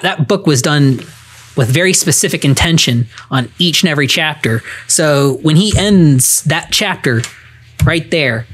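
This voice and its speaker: A man co-hosting a podcast in casual chat, animated, laughing often and going over points one by one. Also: a little high, husky. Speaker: podcast co-host.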